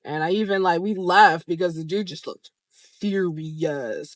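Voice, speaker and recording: A young adult vlogger telling a story straight to camera, animated and expressive, swearing often. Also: medium pitch, measured pace, no room sound. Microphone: camera framed close to the speaker.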